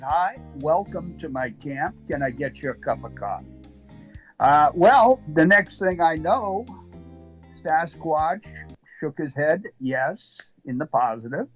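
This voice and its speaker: A man as the guest of a call-in show, telling a deadpan comic tall tale slowly, rambling and full of fillers. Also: fairly high pitch, lo-fi sound. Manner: slow, rambling, with many fillers.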